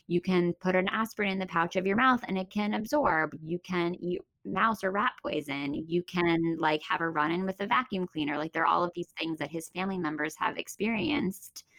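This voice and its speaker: A woman's voice: on the low side, expressive, moderate pace, gravelly, hardly any pauses, fairly bright tone, no room sound. A woman hosting a podcast, chatting casually about a book and often saying "like". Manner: chatty, fills speech with "like", quotes characters in voices. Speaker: podcast host.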